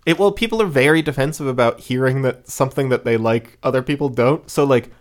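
A man's voice: mid-range voice, a little fast. A man co-hosting a podcast, chatting casually, rambling with lots of fillers and laughing often. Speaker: podcast co-host.

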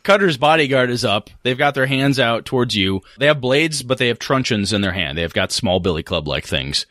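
Animated male game master. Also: medium pitch, fairly quick, no room sound, clean studio sound. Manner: animated narration with many fillers. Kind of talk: narrating a tabletop game.

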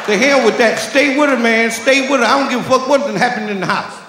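A man's voice: very high-pitched, fast, fairly bright tone. A man from Detroit doing a profane stand-up comedy set, chuckling through his own punchlines, recorded live on a comedy club stage. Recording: echoey live club recording with crowd noise. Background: audience laughter and club ambience.

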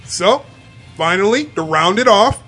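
A man co-hosting a casual comedy chat, pitching a mock-serious idea playfully. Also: expressive, measured pace, pushed and bright, husky, soft background music.

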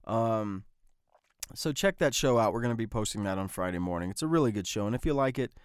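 A man's voice: fairly low pitch, animated, a little fast, smooth. A man hosting a solo podcast, talking casually and rambling, with many fillers and restarts. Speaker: podcast host.

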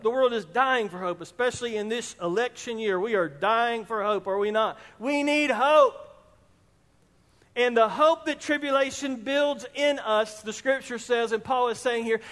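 A man preaching a sermon as pastor of a church, speaking emphatically and rising at times almost to a shout. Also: extremely high pitch, normal speed. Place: church sanctuary. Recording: long reverb in a hall.

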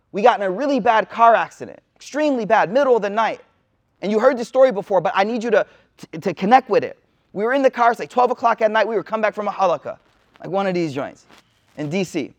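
A man, giving an informal Islamic talk to a live audience in a slangy, storytelling way. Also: high-pitched. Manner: casual, slangy storytelling with lively asides. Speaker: Islamic teacher. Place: room with a seated audience.

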